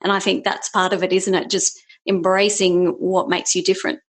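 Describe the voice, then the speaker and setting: A woman's voice: lowish voice, little pitch movement, normal speed. A woman with an Australian accent, a podcast guest talking agreeably and thoughtfully. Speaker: podcast guest, business owner. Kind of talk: casual conversation.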